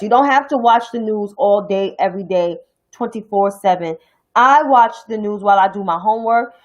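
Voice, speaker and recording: Speaking at a medium pitch, a young adult woman from New York City goes on a blunt, profane, heated political rant on her own stream. Her New York accent comes through. The recording is rough.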